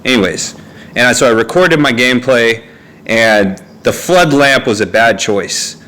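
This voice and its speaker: A man's voice: medium pitch, unhurried, sharp tone. A young man rambling at home in a casual monologue, full of fillers and asides, recorded on a phone. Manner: meandering, with frequent fillers and asides. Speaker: vlogger. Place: family home, indoors. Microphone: phone on a neck holder.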